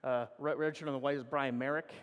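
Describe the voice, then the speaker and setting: A man's voice: mid-range voice, steady tone, fast, clear, resonant tone, lo-fi sound. A middle-aged man giving a casual, profane, rambling conference talk on stage, correcting himself as he goes. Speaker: conference speaker. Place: large conference hall. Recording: reverberant conference hall.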